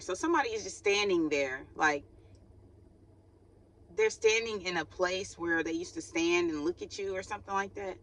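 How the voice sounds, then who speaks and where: A woman's voice: on the low side, moderate pace, fairly bright tone. A woman hosting a faith channel, giving a casual spiritual reading in a chatty way and acting out sighing quotes, recorded without her microphone. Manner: chatty, laughs often, acts out quoted sighs.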